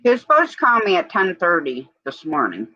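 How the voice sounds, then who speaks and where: A man's voice: high-pitched, wildly swooping pitch, brisk, sharp tone, no room sound, dull audio. A man hosting a livestream, telling rambling stories in casual chat and quoting back and forth with "I said". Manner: rambling storyteller, quoting others with "I said". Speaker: livestream host.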